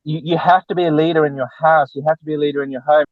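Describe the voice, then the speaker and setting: A man speaking as a relationship coach guest on a podcast, lecturing bluntly and forcefully, with lots of repetition. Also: a little high, steady tone, racing, dry recording. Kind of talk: podcast interview. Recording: tinny phone-like dry line.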